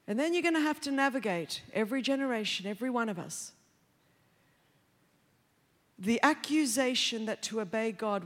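A woman preaching an emphatic sermon in a large church, shouting key lines and acting out the voices she quotes. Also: mid-range voice. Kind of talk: passionate sermon. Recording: reverberant hall, faint crowd.

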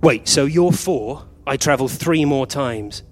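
Recorded live on a theatre stage, this comedy play features an actor as a flustered time traveller, a man who keeps meeting copies of himself and squabbles with them in quick, muddled exchanges. The voice is medium-pitched, expressive, and slightly mellow.

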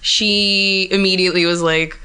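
A woman's voice: medium pitch, steady tone, moderate pace, bright, forceful tone, smooth. Blunt, swearing young woman. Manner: blunt, profane and sarcastic. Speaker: guest. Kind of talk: casual chat.

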